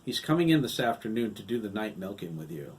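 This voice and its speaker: A man voicing a moody old farmer in an audiobook, calm and then suddenly sharp. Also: lowish voice, fast talker, a little hiss or hum, low-quality recording.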